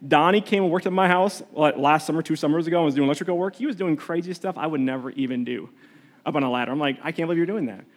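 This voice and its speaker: A man's voice: fairly high pitch, quick pace. A pastor praying and then preaching a sermon to his church, telling a story in a loose, conversational way with many restarts. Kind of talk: sermon with prayer. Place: church sanctuary.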